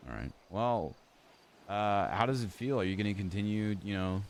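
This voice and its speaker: A man's voice: on the low side, animated, normal speed, a little hiss or hum. A young man in a role-play game, chatting casually in character in a blunt, teasing way.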